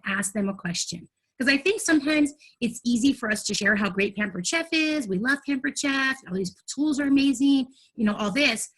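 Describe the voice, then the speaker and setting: A woman's voice: on the high side, fairly bright tone. A young adult woman giving a casual sales training talk, chatty and bubbly, acting out sample phone calls.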